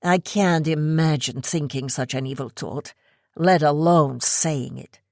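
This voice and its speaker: A woman playing a poised, self-assured woman who hosts a podcast, low in pitch and unhurried. She talks in a measured, composed way, recorded dry and close for an audiobook. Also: a little mellow, no room sound. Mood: cool composed.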